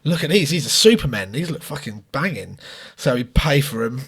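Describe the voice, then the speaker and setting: A man's voice: mid-range voice, big pitch swings, moderate pace, creaky, a bit bright, breathy edge. A man, co-hosting a casual podcast with crude, jokey banter. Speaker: podcast co-host.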